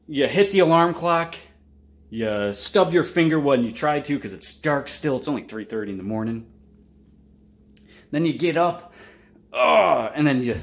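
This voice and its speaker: A man talks straight to his channel viewers in a loose, unscripted motivational monologue. His voice is pitched a little high for a man and swings widely up and down as he acts out cursing, frustrated outbursts between calmer stretches. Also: normal speed, long pauses. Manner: animated, swears freely, acts out frustrated outbursts. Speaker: channel host.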